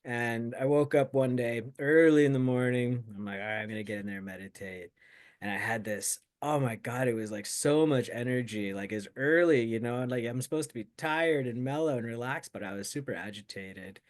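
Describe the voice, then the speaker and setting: This American co-host of a Buddhist talk show has a mid-range voice and talks at normal speed with few pauses. Chatting casually, he meanders through thoughts on his own meditation practice, leaning heavily on fillers.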